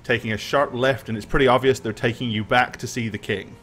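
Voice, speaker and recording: A man running a tabletop game as game master, narrating scenes in a relaxed way and laughing often. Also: medium pitch, brisk, soft background music. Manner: relaxed, laughing often, thanks stream followers.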